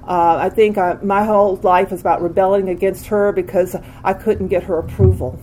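Older woman, candid recovery testimony, halting with restarts, average pitch. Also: steady tone, mellow, slight background noise, poor audio. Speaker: speaker sharing a recovery story. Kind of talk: personal testimony.

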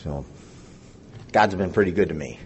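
A man's voice: low voice, expressive, normal speed, a little hiss or hum. A man in his fifties sharing his story at a recovery meeting, a rambling storyteller who jokes with the audience. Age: 50s. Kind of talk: personal testimony to an audience.

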